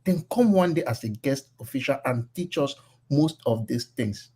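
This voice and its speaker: Husky Nigerian man, earnest. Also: mid-range voice, lively intonation, moderate pace, mellow. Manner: earnest, persuasive, mixes pidgin. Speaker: call-in participant. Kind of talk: casual online group discussion.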